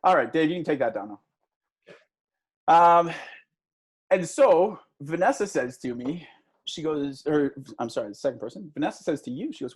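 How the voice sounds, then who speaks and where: Husky man telling a lively story. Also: on the high side, normal speed. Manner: engaging, asks audience for shows of hands; storytelling with a conversational tone. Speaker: guest speaker. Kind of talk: motivational talk to a class.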